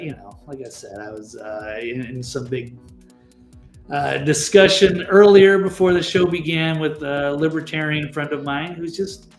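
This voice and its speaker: A guest on a political chat show speaks in a slightly high voice, blunt and casually profane, clearly exasperated with those he's criticizing. The room is echoey, with faint music in the background.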